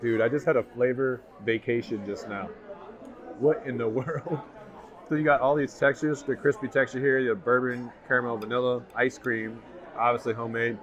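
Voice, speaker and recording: Excited man raving over food, crowd behind. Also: mid-range voice, brisk, muffled recording. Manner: enthusiastic, raving about each bite. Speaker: food vlogger. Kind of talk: casual food review to camera. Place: restaurant. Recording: busy restaurant crowd behind. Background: restaurant crowd chatter.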